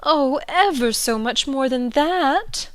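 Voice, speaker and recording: A woman's voice: high voice, expressive, takes it slowly, fairly bright tone, no echo, heavily acted. A woman doing the moaning, feeble White Queen. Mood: plaintive. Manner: moaning, plaintive, hand-wringing. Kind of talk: full-cast audiobook acting.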